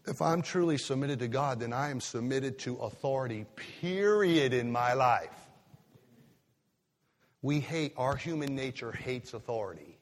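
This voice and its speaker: A man's voice: medium pitch, animated. Man preaching in a reverberant hall. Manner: drawn-out emphatic preaching with sudden loud rises. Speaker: pastor. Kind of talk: sermon.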